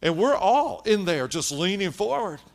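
Animated male preacher telling a story. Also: sits high, normal speed, vocal fry. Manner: animated storyteller, shifting from hushed to loud. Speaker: pastor. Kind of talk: sermon storytelling.

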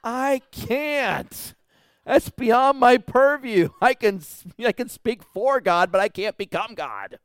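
A male pastor preaching a sermon in animated storytelling, acting out dialogue and swinging from loud to hushed. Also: very high voice, slow, clear, resonant tone, no room sound, studio quality.

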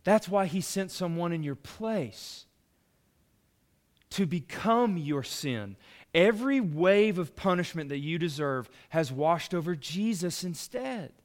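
Young male pastor, fairly high voice, lively sermon delivery with casual asides. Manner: animated preaching, rising loud for emphasis and dropping low and slow; conversational asides to the congregation.

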